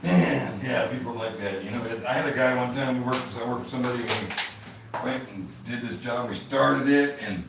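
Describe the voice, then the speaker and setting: A man's voice: medium pitch, fairly quick, creaky. A laid-back man chatting casually while grouting tile and telling work stories. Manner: laid-back, agreeable storyteller. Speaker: tile worker. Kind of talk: casual chat while working. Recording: echoey room from far off, noisy.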